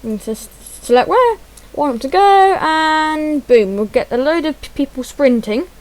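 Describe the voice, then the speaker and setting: High-voiced woman rambling over gameplay. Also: expressive, moderate pace, a little mellow, rough recording. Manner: chatty, self-deprecating, mutters while fumbling. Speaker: gaming channel host. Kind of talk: gameplay commentary.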